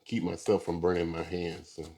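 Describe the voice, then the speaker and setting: A man's voice: deep voice, a little fast, very noisy. A man hosting a casual barbecue video, talking viewers through shredding and tasting pork with an easygoing, filler-filled delivery. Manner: relaxed, talks to viewers with many fillers. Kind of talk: casual cooking demonstration.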